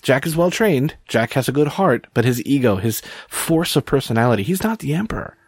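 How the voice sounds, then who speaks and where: A middle-aged man chatting on a podcast, musing and animated, taking off on tangents. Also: mid-range voice, fairly quick, breathy edge, dry recording. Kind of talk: casual chat.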